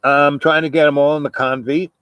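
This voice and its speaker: A man's voice: fairly high pitch, level tone, a little fast, a bit bright. Rambling man telling a story. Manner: meandering, full of fillers and asides. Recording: noisy background hiss.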